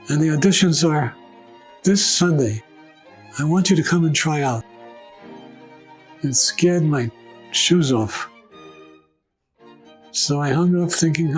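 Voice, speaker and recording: Older male storyteller, oral history; brightish pitch, acts out dialogue, soft violin bed. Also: a little slow, long pauses, faint music behind, low-quality recording. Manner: animated anecdotes, acting out quoted voices.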